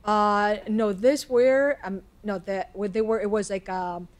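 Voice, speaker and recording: A woman's voice: mid-range voice, fairly even intonation, unhurried. A woman lecturer answering audience questions in a lecture hall, talking hesitantly with frequent restarts and "I mean" fillers. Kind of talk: academic Q&A answers.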